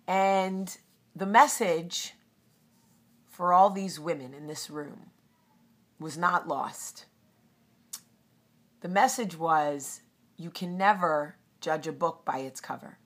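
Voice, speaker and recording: A woman's voice: fairly low pitch, a bit bright. A woman hosting a casual storytelling vlog, chatty with frequent ums. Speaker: host.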